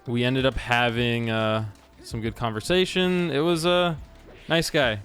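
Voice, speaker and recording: A man from Washington state chats casually on a game stream, telling a long story with many restarts and fillers. His mid-range voice is a bit bright and a little slow, with faint music underneath.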